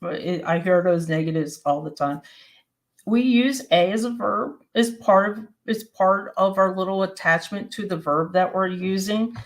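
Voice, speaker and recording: A woman from Maryland and West Virginia giving an explanatory presentation in a steady, plain-spoken teaching manner. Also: mid-range voice, measured pace. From Maryland and West Virginia, USA.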